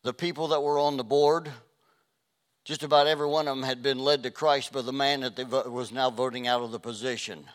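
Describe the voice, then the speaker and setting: A man preaching a sermon as a pastor, passionate and swinging between loud and hushed delivery. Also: medium pitch, steady tone, a little fast.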